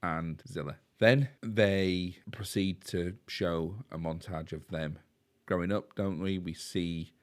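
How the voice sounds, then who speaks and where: A man's voice: deep voice, steady tone, slow pace, few pauses. A man with a Yorkshire accent, co-hosting a podcast and casually recapping a film plot with fillers and tag questions. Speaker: podcast co-host.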